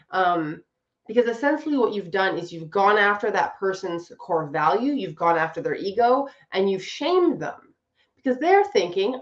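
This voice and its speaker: A woman marriage coach giving casual advice in a conversational way, often acting out what other people say. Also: medium pitch. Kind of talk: casual advice talk to camera. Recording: roomy, slightly dull recording.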